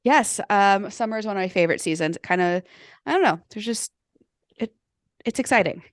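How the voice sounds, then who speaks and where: A chatty woman co-hosting a podcast. She talks at a middling pitch, fills her talk with ums and likes, and reads out guest bios. The sound is dry and close. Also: animated, brisk, dry recording. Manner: chatty, many ums and likes, laughs easily. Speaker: podcast co-host. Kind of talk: casual podcast chat and reading guest bios.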